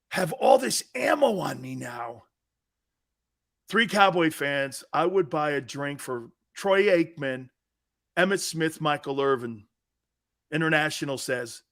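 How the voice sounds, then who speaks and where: A middle-aged man hosting a live sports talk show, joking loudly, reading out comments and jumping between topics. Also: fairly high pitch. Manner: loud, joking, jumps between topics, often raises his voice.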